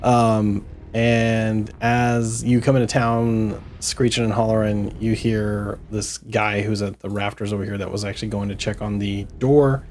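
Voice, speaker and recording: A man's voice: lowish voice, little pitch movement, measured pace, hardly any pauses, darkish tone, a little hiss or hum. Casual man running a tabletop game. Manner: casual, many fillers. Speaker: game master.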